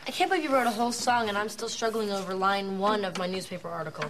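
A woman's voice: medium pitch, fast, a bit bright, lightly acted. A woman playing a bubbly young heroine. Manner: bubbly, chatty, upbeat.

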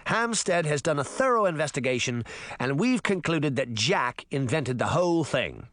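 A man's voice: a little high, animated, normal speed, fairly bright tone, no room sound. A man reading an audiobook, voicing a pompous, dismissive mayor with a snappy, smug delivery. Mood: scornful. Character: pompous, scornful middle-aged male mayor.

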